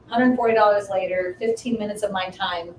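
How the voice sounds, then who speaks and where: A woman in her fifties tells a personal story in relaxed conversation, mid-range in pitch. She brings the story to life by acting out the voices in it. The sound is roomy and a little distant, with a faint hiss behind her. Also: brisk. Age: 50s. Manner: animated, acts out quoted dialogue with rising pitch. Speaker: guest. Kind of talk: storytelling in casual chat. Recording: echoey room, mic at a distance, faint noise.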